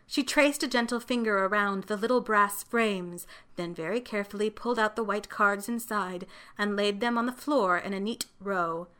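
A woman narrates a fantasy short story at a gentle, measured pace, as in scripted reading. Her voice is mid-pitched with a bright, forward tone. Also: clear, resonant tone.

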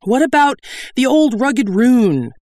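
A man's voice: medium pitch, animated, normal speed, dry recording, clean studio sound, close to an everyday voice. A man voicing a cocky, haughty male bandit king in a storybook reading, lofty and breezy. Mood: amiable. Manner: lofty and amiable.

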